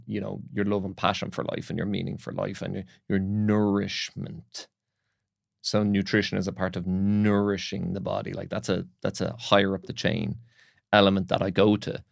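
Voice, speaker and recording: Man, breathing coach, lowish gravelly voice, dry podcast sound. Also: dry recording. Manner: animated, uses fillers and restarts. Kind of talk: casual interview storytelling.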